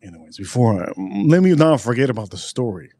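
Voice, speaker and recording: A man chatting casually on a live stream, wandering from topic to topic and saying each line twice or three times. His voice sits at an ordinary middle pitch, and the sound is dry and close with no room around it. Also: lively intonation, brisk, warm tone, dry recording. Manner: rambling, repeats phrases, talks straight to chat. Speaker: livestream host reviewing drinks.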